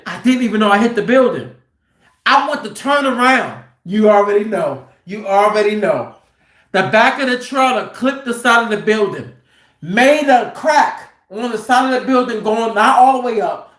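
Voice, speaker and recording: A man who drives trucks, telling stories casually and with profanity, acting out what people said. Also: very high-pitched. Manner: animated, profane, acts out quotes loudly. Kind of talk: casual storytelling. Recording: roomy echo.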